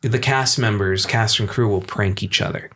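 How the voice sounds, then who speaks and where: Young man, casual podcast chat, lowish voice, rambling storyteller. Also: normal speed, sharp tone. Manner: rambling anecdotal storytelling with fillers and laughs. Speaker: podcast co-host.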